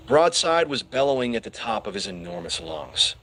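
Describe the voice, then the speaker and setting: Male narrator for a children's audiobook; expressive, animated pitch. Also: moderate pace, hardly any pauses. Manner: expressive storytelling.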